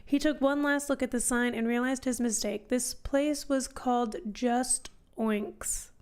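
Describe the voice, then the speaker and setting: Woman chatting into her stream mic, kinda high voice, takes her time, giggles a lot. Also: fairly even intonation, clean tone. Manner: slow, giggly, reading viewer jokes aloud. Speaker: livestream book club host. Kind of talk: casual livestream chat.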